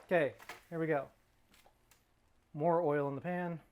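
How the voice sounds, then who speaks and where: A man's voice: on the high side, fairly even intonation, a little slow, highs cut off. A middle-aged man from California, hosting his own cooking channel in a chatty, rambling way with self-mocking jokes, sometimes talking while he eats. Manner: talks while eating. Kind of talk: casual cooking vlog.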